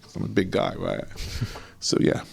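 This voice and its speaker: A middle-aged man from London, speaking as an honorary consul in a casual interview, jovial and animated, laughing often. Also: sits low, unhurried, gravelly, breathy edge. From England.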